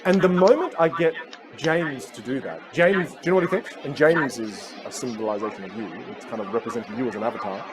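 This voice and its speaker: A man's voice: mid-range voice, a little fast. A man whose first language is Teochew gives a keynote talk as a communication coach. He tells stories and acts out the voices. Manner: animated storyteller who acts out voices. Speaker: public speaker and communication coach. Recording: live talk with loud crowd and noise.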